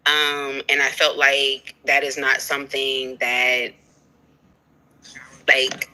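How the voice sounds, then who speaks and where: A woman's voice: extremely low pitch, slow, a little hiss or hum, low-quality recording. A woman in a casual livestream conversation, speaking candidly and repeating her points. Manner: candid, animated, repeats herself. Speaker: livestream co-host.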